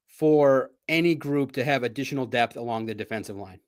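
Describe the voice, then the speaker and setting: A man hosting a live sports talk stream, talking straight to his viewers in a playful, animated way. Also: mid-range voice, a little fast, clear, resonant tone.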